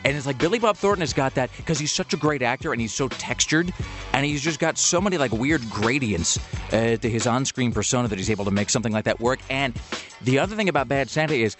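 A man's voice: mid-range voice, animated, fast talker, fairly bright tone, soft background music. A man hosting a radio show in casual chat, rambling and self-deprecating with lots of restarts. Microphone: studio microphone.

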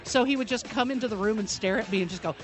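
A woman co-hosts a radio show and chats casually with an amused, storytelling manner. Faint music plays softly behind her voice. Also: medium pitch, fast. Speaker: radio co-host and news reader.

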